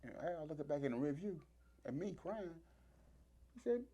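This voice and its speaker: A man's voice: on the high side, normal speed, pauses often, slightly rough, highs cut off. A man with a D.C. telling a long story in casual talk, acting out the voices of the people in it. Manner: animated, acts out voices in his stories.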